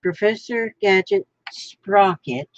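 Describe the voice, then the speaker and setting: A woman's voice: medium pitch, takes it slowly, no echo, lo-fi sound. A woman vlogging while she crafts, thinking aloud in a rambling way, trying out names and chatting to the piece she is making.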